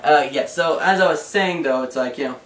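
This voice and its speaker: A young man chatting casually in a vlog, answering fan questions in a rambling, excitable way with lots of fillers. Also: a little high, brisk, recorded from a distance. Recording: roomy sound, away from the mic.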